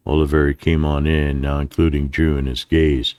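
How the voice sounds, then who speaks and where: Deep bass man, dry booth sound, steady western storytelling. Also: moderate pace, dry recording. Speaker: audiobook narrator. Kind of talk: scripted western audiobook narration.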